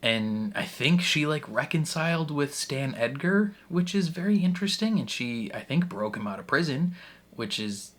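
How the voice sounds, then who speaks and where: A man's voice: a little high, lively intonation, normal speed, a bit bright. A man in his late twenties hosting a reaction channel, talking through a TV episode in a rambling, heartfelt way with lots of fillers and restarts. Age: 20s. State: emotional, tearing up. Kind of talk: casual reaction commentary.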